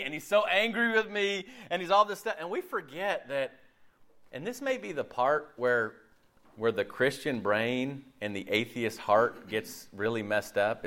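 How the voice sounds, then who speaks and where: Lively, bright-voiced male preacher. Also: on the high side. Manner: joking, animated, asks the room questions. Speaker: minister. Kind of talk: conversational sermon.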